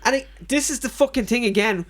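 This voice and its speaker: A man's voice: very high voice, fast, a bit bright. A young Irish man co-hosting a podcast in casual chat, crude and joking, often acting out other people's voices. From Ireland. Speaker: podcast co-host.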